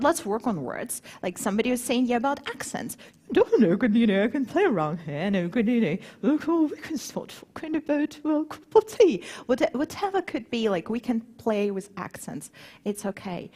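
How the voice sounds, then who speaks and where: Conference speaker: lively woman with a husky edge, engages the crowd with questions. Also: on the high side. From grew up between Moscow and Warsaw. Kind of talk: conference talk.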